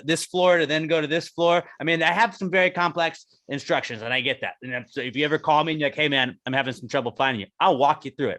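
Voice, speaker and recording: A man co-hosting a podcast, telling jokey stories in a casual, animated way. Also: a little high, no echo. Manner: joking, animated storyteller. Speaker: podcast co-host. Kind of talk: casual chat.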